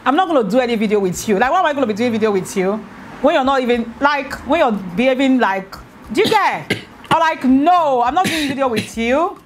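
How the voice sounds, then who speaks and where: A woman, her high voice teasing and playful as she talks over her husband in a casual vlog. A faint hiss of noise sits behind her. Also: lively intonation, quick pace. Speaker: vlogger. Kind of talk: casual couple chat on camera.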